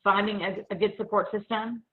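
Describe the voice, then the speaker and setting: A woman's voice: mid-range voice, fairly even intonation, a little fast, phone-quality sound. A woman hosting a casual video-call talk show, a family lawyer who rambles, jokes at herself and chats freely. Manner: chatty, rambling, self-mocking. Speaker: family law attorney and show host.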